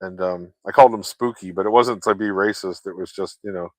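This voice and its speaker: A man's voice: sits low, fairly even intonation, a little fast, a little mellow, no room sound. A man chatting casually with viewers while he works, rambling from topic to topic and swearing freely. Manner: loose, chatty, swears freely, laughs often.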